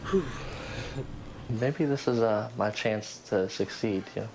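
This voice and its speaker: A young man and father speaking in a documentary interview, earnest and plain-spoken, pausing with fillers. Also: lowish voice. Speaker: camp participant, young father. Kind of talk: documentary interview and candid phone call. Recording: noticeable background noise.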